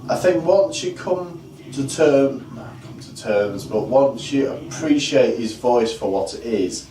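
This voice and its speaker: A man's voice: mid-range voice, lively intonation, measured pace, mellow. A man chatting casually about music in a home vlog, dry and sarcastic. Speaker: vlog co-host reviewing albums. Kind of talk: casual chat. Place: home room with a fireplace. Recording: roomy sound from a distant mic with faint background noise.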